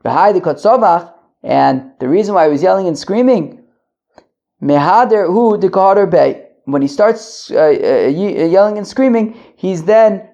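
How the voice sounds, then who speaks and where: A man teaching a daily Talmud lesson, translating line by line in a halting way with many restarts while pacing back and forth. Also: high voice, animated, creaky, dark tone, muffled recording. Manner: halting, many restarts and fillers, Yiddish-flavored study terms. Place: pacing at the edge of a wedding hall.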